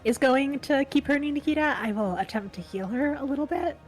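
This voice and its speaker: A woman's voice: high-pitched, a little fast, soft background music, poor audio. Woman player, voice worn thin. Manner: reads spell rules aloud, relaxed. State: losing her voice. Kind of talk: casual game talk.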